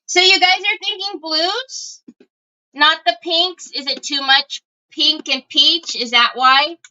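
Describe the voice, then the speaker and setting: A woman's voice: high voice, slow, pushed and bright, lo-fi sound. A woman hosting a casual craft livestream, chatting with viewers as she works and thinking aloud.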